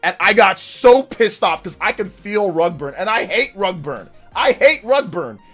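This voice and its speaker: A man's voice: high voice, measured pace, soft background music. A young man hosting a livestream, casually telling a story in slang and acting out the voices of the people in it. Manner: animated, slangy, acts out voices in his story. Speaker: livestream host.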